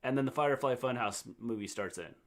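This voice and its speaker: An older man co-hosting a casual livestream recap, talking in a relaxed, halting way with repeated words. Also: mid-range voice. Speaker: co-host, the host's father.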